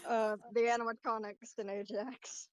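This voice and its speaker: Chatty woman player, fairly high voice. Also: flat delivery, moderate pace, dry recording. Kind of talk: casual tabletop game talk.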